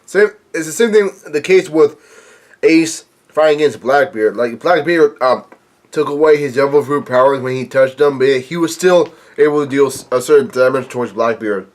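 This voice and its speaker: Man, stuffy nose, halting casual read-along of comic panels with blunt asides. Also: mid-range voice. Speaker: manga reaction video host.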